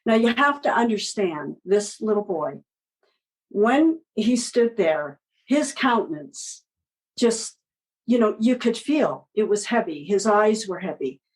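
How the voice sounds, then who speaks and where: Woman, children's author guest; gentle, expressive storyteller, medium pitch. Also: slow, rough recording. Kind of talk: podcast interview storytelling.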